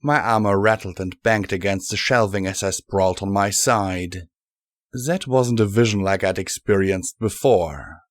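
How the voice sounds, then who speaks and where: Low-voiced male audiobook narrator. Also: measured pace, no room sound, clean studio sound. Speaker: audiobook reader. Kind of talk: fan-fiction audiobook narration.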